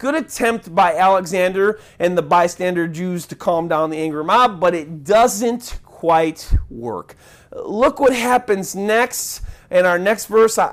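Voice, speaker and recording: A man preaching a sermon as pastor, animated and conversational, acting out crowd voices and chants, with frequent restarts and asides to the congregation. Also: high voice, measured pace.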